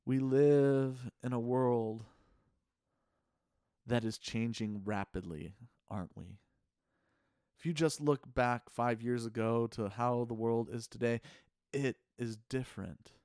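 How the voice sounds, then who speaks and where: A middle-aged man preaching a sermon in an earnest, measured way, asking the congregation rhetorical questions. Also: mid-range voice, dark tone, clear, resonant tone, dry recording, clean studio sound. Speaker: pastor.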